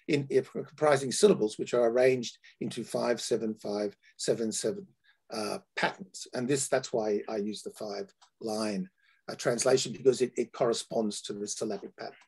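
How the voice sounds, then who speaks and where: A man with an Australian accent giving an academic lecture, halting with frequent fillers and restarts. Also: mid-range voice, a little mellow, husky.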